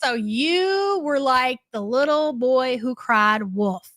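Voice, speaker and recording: A woman's voice: high-pitched, expressive, takes it slowly, fairly bright tone, no echo, clean studio sound. A woman hosting a live commentary stream, chatty and sarcastic as she reacts to clips and thanks viewers. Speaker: livestream commentary host.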